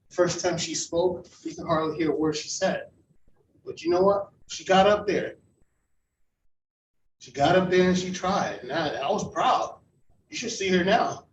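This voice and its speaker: A man's voice: a little high, slight background noise. A man teaching a club audience how to give speech feedback, in a conversational, encouraging way and asking the audience questions. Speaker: club speaker teaching evaluation. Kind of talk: instructional talk to a club audience. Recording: echoey room, heard from a distance.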